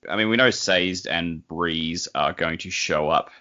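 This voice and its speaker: Deep bright-toned man, chatty. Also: a little slow, dull audio. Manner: joking, animated theorizing. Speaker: book club podcast co-host. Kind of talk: casual discussion.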